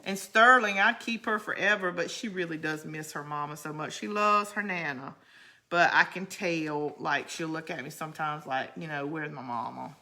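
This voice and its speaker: A bright-voiced, chatty woman hosts a crafting channel, talking casually while she crafts in a deep voice at normal speed. She rambles, laughs often, and drops to a quiet count under her breath.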